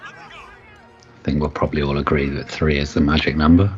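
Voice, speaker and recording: A man co-hosting a casual film commentary, relaxed and wry. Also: extremely low pitch, moderate pace, music in the background. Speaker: podcast co-host. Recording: dull sound with loud film score.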